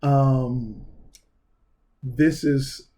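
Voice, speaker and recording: A man's voice: medium pitch, steady tone, drawn-out words, mellow, faint music behind. A man being interviewed on a podcast, speaking in an earnest, reflective way with frequent fillers. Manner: earnest and reflective, many fillers like um and you know. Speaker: podcast guest, basketball recruiter. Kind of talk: casual interview chat.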